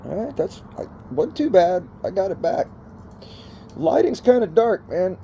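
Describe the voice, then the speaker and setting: A middle-aged man talks slowly to his phone camera outdoors, with a mellow, dark tone and a lively, swinging pitch. He rambles in a laid-back way, calls everyone bro and man, and coughs between puffs. A faint outdoor hum sits behind him. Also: gravelly. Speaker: vlogger. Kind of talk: casual smoking vlog. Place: outdoors in the sun.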